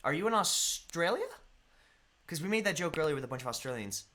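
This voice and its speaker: A man's voice: a little high, sing-song, a little fast, sharp tone. A young man hosting a live stream, chatting casually and greeting viewers by name in a rambling way. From United States.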